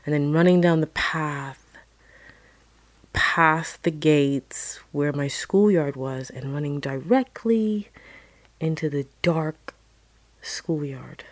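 A woman telling a personal story dramatically, dropping into hushed whispers and then rising into loud outbursts. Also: deep voice, slow pace, dry recording.

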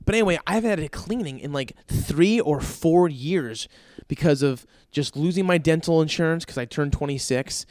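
A man's voice: fairly high pitch, normal speed, darkish tone, no echo, clean studio sound. A man in his thirties doing a profane, rambling comedic rant and jumping into other people's voices. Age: 30s. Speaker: stand-up comedian.

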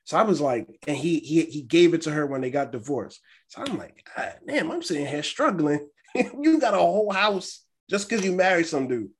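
A man's voice: fairly high pitch, normal speed, breathy edge. A young man chatting casually as co-host, telling stories and acting out what others said. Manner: storytelling, quotes others in an animated way. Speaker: podcast co-host. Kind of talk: casual chat.

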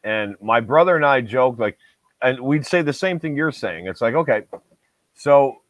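A man's voice: medium pitch, expressive, moderate pace, dry recording. A man from upstate New York with a Binghamton-area accent, co-hosting a podcast in loose, rambling casual chat full of restarts. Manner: rambling, self-correcting, loose and profane. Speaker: podcast co-host.

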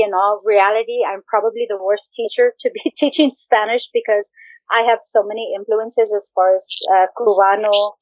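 A woman co-hosting a podcast in a playful, teasing way, swearing freely and dropping in Spanish phrases. Her voice sits fairly high and close, with no room around it. The recording is dull and lo-fi. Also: dry recording. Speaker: podcast co-host. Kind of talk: casual podcast chat.

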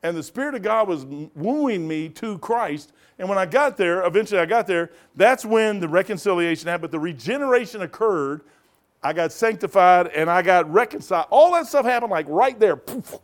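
High-voiced animated man teaching Bible study. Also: a little fast. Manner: animated, laughs often, digresses, raises voice in bursts. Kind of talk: rambling sermon-style storytelling.

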